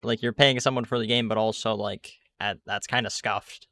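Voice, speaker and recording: A man's voice: on the low side, steady tone, moderate pace, a bit bright, no room sound. A young man casually commenting on the game he is playing, rambling with lots of asides and fillers to his chat. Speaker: gaming streamer.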